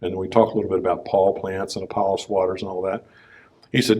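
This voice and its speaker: A man, a business owner, giving a conversational personal testimony talk on a conference stage, clearing his throat now and then. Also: deep voice, flat delivery, quick pace, a little mellow.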